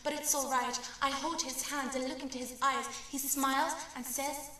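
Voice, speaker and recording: A woman's voice: high-pitched, level tone, moderate pace, pushed and bright. A woman from Syria giving an impassioned, declamatory spoken-word poetry recitation. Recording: very echoey room, mic far off.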